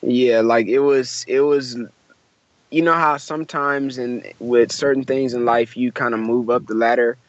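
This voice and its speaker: A man's voice: mid-range voice, steady tone, a little slow, no echo, lo-fi sound. A young man from Michigan, a musician guest, telling a story in a casual interview, acting out the voices of the people in it and using lots of fillers. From Michigan, USA.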